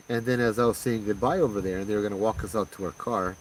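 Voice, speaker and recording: Man, Hawaiian accent, casual ghost-story telling, acts out quotes, lowish voice, slightly distant mic. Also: fairly quick. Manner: conversational, animated retelling with quoted voices. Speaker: paranormal storyteller. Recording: distant mic with faint background noise.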